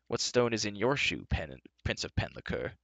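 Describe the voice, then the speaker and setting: A man's voice: fairly low pitch, very animated, moderate pace, vocal fry, a bit bright, dry recording, highs cut off, exaggerated voice. A man reading aloud and voicing an earnest, caring young male hero.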